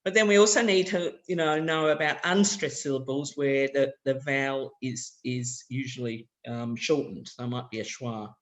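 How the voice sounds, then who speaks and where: A man with an Australian accent and a medium-pitched voice runs a hands-on workshop for language teachers. He speaks at a normal pace with few pauses, explaining ideas loosely and conversationally while working through examples.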